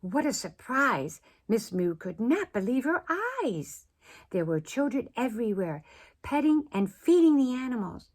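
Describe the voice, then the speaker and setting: A woman preschool teacher reading a picture book aloud to children, expressive and often dropping to a whisper. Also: on the high side, measured pace.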